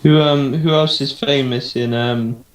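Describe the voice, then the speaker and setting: A man's voice: mid-range voice, steady tone, unhurried. Rambling young man, roomy sound. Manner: rambling, unsure, thinks aloud with many ums. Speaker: podcast co-host. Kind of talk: casual chat. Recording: roomy home recording.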